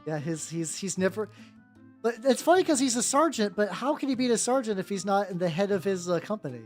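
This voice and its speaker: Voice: medium pitch, expressive, fairly quick, darkish tone. A live streamer chatting casually while painting miniatures, rambling loosely, swearing freely and greeting viewers by name over and over. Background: faint background music.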